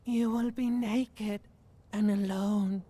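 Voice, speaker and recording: A woman voicing the limbic system in a video game, speaking in a slow, insinuating, eerie way with a raspy, hoarse whisper of a voice. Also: medium pitch, steady tone, dark tone. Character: limbic system, hissing, needy, sorrowful.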